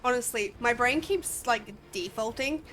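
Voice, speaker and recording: A woman's voice: a little high, lively intonation, measured pace, fairly bright tone, a little hiss or hum. A woman with an Australian accent chatting casually while streaming a game, sniffly and a bit drowsy, rambling and laughing often. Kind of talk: casual gameplay commentary. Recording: faint game music behind.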